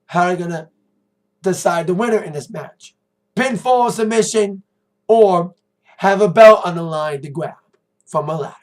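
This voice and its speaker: A man's voice: high voice, unhurried, pauses often. A man giving a rambling, chatty recap of a wrestling show in a casual monologue, correcting himself as he goes.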